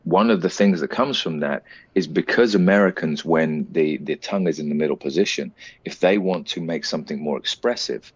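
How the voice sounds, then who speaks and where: A British actor talking as an interview guest, explaining his craft at length in a relaxed, reflective way. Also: a bass voice, fairly quick, husky, no echo, muffled recording. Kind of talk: casual interview chat.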